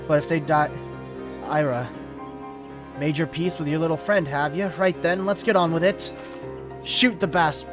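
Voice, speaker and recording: A man putting on a drawling, rough-spoken female hunter leader who mocks and threatens. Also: fairly high pitch, close to an everyday voice. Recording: clear background music.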